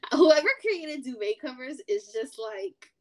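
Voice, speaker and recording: Young woman, podcast co-host, casual chat, slightly high voice, animated storyteller. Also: a little slow. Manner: animated storytelling, acts out quotes.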